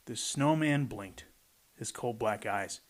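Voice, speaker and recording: A slow, lowish-voiced man works through a rhyming picture book, chatting playfully in the breaks between pages.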